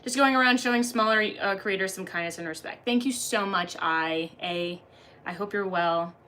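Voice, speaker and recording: A woman's voice: medium pitch, normal speed, sharp tone. A woman livestreamer reading and answering chat in a jokey, crude, casual way. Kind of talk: casual live-stream chat.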